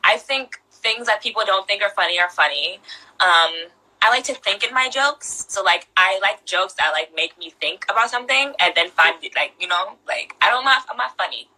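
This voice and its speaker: A woman's voice: mid-range voice, lively intonation, normal speed, bright, forceful tone, rough recording. A young woman chatting as a guest in an interview, playful and self-deprecating, laughing often. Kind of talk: casual interview chat.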